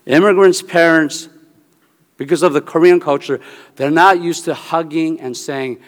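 A pastor from the United States gives a sermon and tells a personal family story in an earnest way, often checking in with "Okay?". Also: male voice, on the high side, unhurried. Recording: long reverberant hall sound.

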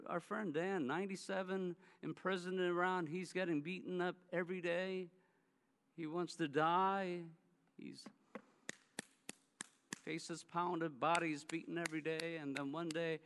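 A male pastor delivering a sermon, his voice high and bright. He tells stories with emphasis and acts out the voices of the people in them. A long hall reverb trails after each phrase. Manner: emphatic storytelling that acts out quoted speech.

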